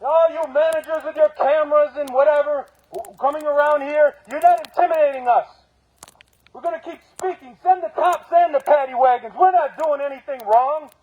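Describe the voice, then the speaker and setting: On a low-quality recording, a union steward gives an outdoor protest speech, angry and profane, shooting rapid rhetorical questions and swearing. His voice is very high with a darkish tone.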